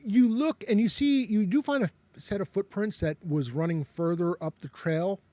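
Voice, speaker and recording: A man narrating as game master for a tabletop game, halting with many fillers and restarts. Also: sits high, warm tone, dry recording.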